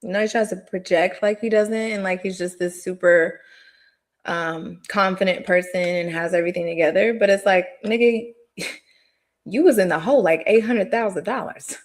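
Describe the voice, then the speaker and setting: A woman co-hosting a casual gossip podcast, animated and exclamatory, laughing as she talks. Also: medium pitch, moderate pace. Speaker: podcast co-host.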